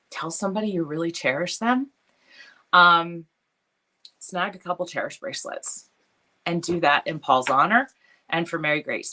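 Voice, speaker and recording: A woman's voice: fairly low pitch, a bit bright. Tearful woman hosting a live stream. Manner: emotional, heartfelt, halting with many fillers. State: tearful, has been crying. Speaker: jewelry business live-stream host. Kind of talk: casual live-stream talk to followers.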